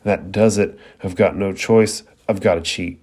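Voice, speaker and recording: A man with a fairly low voice, reading the frantic inner thoughts of a panicky teenage boy ninja. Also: fairly even intonation, measured pace, darkish tone, breathy edge. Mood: worried.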